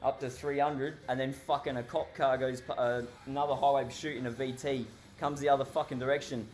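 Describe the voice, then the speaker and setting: A man's voice: medium pitch, flat delivery, brisk, darkish tone, slight background noise. An Australian man telling a story casually, rambling and swearing constantly, often laughing. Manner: heavily profane, rambling, laughs while telling.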